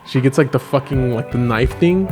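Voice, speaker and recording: A man's voice: mid-range voice, moderate pace, a little mellow, soft background music. A man casually recapping a movie on a podcast, rambling and swearing, often restarting his sentences. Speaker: podcast co-host.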